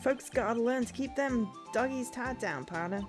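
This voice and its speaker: A woman voicing a swaggering male cowboy detective in a put-on American accent, with a slow drawl. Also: on the high side, over music, voice pushed up, natural voice.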